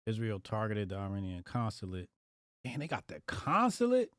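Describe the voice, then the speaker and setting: A man's voice: on the low side, wildly swooping pitch, moderate pace, fairly bright tone, dry recording, studio quality. A man hosting a casual live stream, reacting aloud to headlines in loose slang. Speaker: livestream host.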